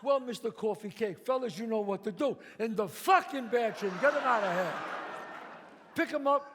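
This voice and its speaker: A man playing a loud, bossy, profane mob boss in a one-man stage show. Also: very high-pitched, lively intonation, normal speed, heavy background noise. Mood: urgent. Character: brash swaggering mob boss man, middle-aged. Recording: live stage, long reverb, faint ambience.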